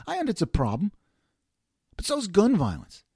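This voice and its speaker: A man hosts a solo commentary, ranting and throwing out rhetorical questions. His fairly high voice swings widely up and down as he pushes each point. The sound is close and dry, with no room around it. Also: huge pitch swings, brisk, breathy edge, no echo. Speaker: host.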